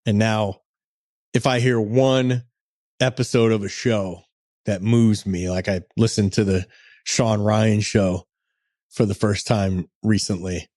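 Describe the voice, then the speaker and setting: A man's voice: lowish voice, steady tone, takes it slowly, darkish tone, no echo, clean studio sound. Upbeat chatty podcast co-host man. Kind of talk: casual podcast chat and ad read.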